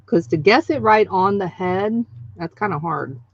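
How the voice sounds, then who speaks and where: A woman hosting a casual craft livestream, chatty and excitable, laughing often and reading out viewer names. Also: mid-range voice, unhurried, slight background noise. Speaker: craft channel host. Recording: dry, dull lo-fi sound.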